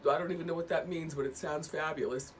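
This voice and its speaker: A woman in her fifties, a talk show host making a measured, self-assured statement to her viewers. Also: low voice, fairly even intonation, a little hiss or hum. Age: 50s.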